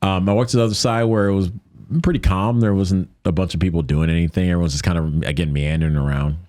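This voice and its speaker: Deep-voiced man telling a story. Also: fast, no echo, clean studio sound. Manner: animated, acts out quoted lines in a higher voice; jokey, conversational with many fillers. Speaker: podcast guest. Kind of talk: casual storytelling interview.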